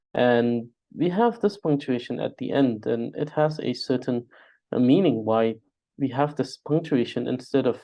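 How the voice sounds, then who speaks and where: A man's voice: mid-range voice, a little mellow. A man teaching an online spelling lesson over a video call, hesitant with many filler sounds, drilling syllables aloud one by one. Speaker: language teacher.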